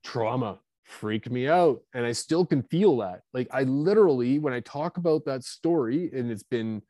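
Mellow-voiced man in his fifties. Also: mid-range voice, moderate pace, no echo. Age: 50s. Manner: animated and confessional, with many fillers and restarts. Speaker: guest author. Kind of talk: candid storytelling.

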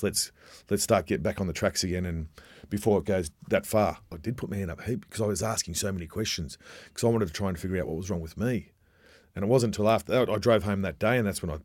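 A middle-aged Australian man speaking openly in a casual chat, halting and restarting as he talks. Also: lowish voice, darkish tone, no room sound, clean studio sound. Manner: halting, many restarts, candid. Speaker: guest, former rugby league captain.

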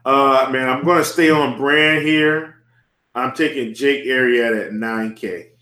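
A man's voice: mid-range voice, fairly even intonation, a little slow, sharp tone. Male co-host, mid-range voice, easygoing, recorded in a reverberant room. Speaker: podcast co-host. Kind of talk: casual sports podcast chat. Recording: echoey room.

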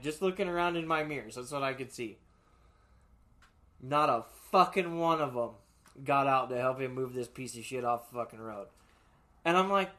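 A man's voice: high-pitched, fairly bright tone. A man telling profane, laughing stories in casual chat as a podcast co-host.

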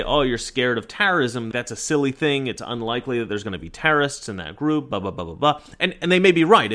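A man's voice: medium pitch, fairly bright tone. A man giving an opinionated, argumentative political monologue with emphatic delivery. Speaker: political commentator.

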